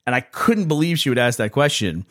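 A man's voice: mid-range voice, very animated, a little fast, no echo, clean studio sound. A man hosting a podcast, rambling through casual stories and chuckling often. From United States. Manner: rambling storyteller, laughs often. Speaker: podcast host. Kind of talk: casual chat.

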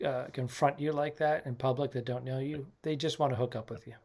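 A man's voice: medium pitch, steady tone, a little fast, a little mellow. A male stand-up comedian co-hosting a podcast, chatting casually and laughing often.

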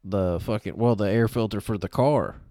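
Pitched on the low side and speaking at a moderate pace, a male podcast co-host spins an animated yarn in casual conversation, cursing heavily and leaning on "like" as a filler. The studio-quality recording has no echo.

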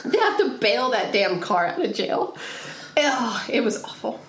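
A woman's voice: a little high, unhurried. A young woman co-hosting a podcast, telling a rowdy story in casual chat with plenty of swearing. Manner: profane, animated storyteller. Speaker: podcast co-host. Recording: echoey room.

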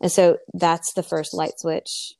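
Earnest woman with a gravelly voice. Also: on the low side, flat delivery, slow, a little mellow, dry recording. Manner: earnest, tearful, preaching tone. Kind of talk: faith podcast conversation.

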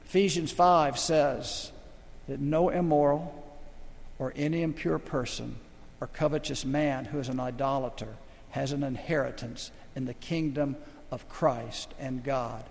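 An older man preaching a sermon as the pastor, telling stories dramatically and swinging between loud and hushed. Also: mid-range voice, steady tone, measured pace, vocal fry, long reverb tail.

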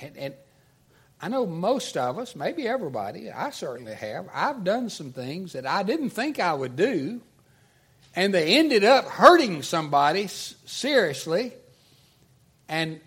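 A pastor with a Southern US accent preaches an earnest, conversational sermon and reads scripture aloud. His voice is high-pitched, sing-song, a bit bright, and slightly rough, with a measured pace, and he restarts often.

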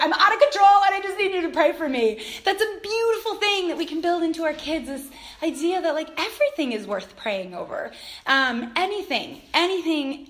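A middle-aged woman with a high, light voice talks in a relaxed, chatty way about faith and family. She laughs easily and brings her stories to life by acting out quotes with animation. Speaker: mother and Christian speaker. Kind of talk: casual faith talk.

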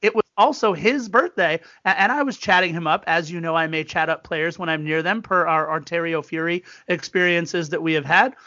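Chatty high-voiced man hosting a podcast. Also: brisk, few pauses, dry recording, muffled recording. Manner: chatty storyteller, animated quoted voices. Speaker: podcast co-host. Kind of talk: casual sports podcast chat.

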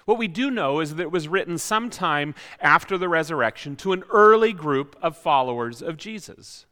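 Male pastor, sermon, reflective, keeps posing questions; high voice, echoing church hall. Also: lively intonation, moderate pace, pushed and bright. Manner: reflective, many rhetorical questions.

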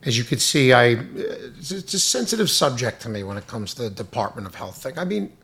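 A man who runs a restaurant, angrily venting in a loud, profane, exasperated rant. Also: medium pitch, big pitch swings, fairly quick.

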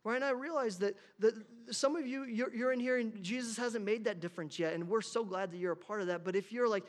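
Male pastor, high-pitched, casual sermon delivery with frequent word repeats. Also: moderate pace. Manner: conversational, repeats words at the start of phrases. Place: church.

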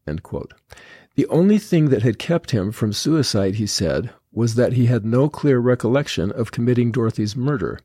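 A man hosting a podcast, reading quotes from a letter aloud in a slow, earnest way with many pauses. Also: lowish voice, lively intonation, warm tone, husky, no echo, clean studio sound. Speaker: podcast host.

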